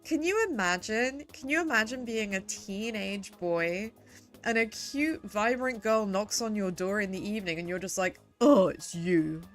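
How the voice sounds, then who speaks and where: A woman VTuber giving excitable, playful game commentary from her home gaming corner, swearing freely. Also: medium pitch, normal speed, faint music behind. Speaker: VTuber streamer.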